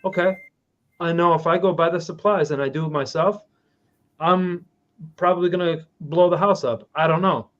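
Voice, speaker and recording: Animated storyteller man, lo-fi sound. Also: on the high side, moderate pace. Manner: animated storyteller, acts out quotes. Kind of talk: casual chat, storytelling.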